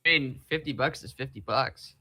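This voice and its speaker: A man co-hosting a podcast, dropping dry jokes in casual talk. His voice is bright and sharp. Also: mid-range voice, moderate pace. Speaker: podcast co-host. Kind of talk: casual chat.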